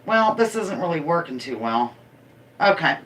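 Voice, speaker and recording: A woman's voice: low-pitched, sing-song, moderate pace, fairly bright tone, a little hiss or hum. Chatty, playful woman hosting a livestream. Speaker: livestream host. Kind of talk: casual live-stream chat.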